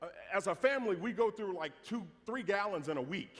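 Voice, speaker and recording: A man's voice: high voice, animated, fairly quick, a bit bright, in a large hall. A man giving a live talk to an audience, joking and acting out family moments as he tells stories. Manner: storytelling, joking, acts out family voices. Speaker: speaker on personal finance.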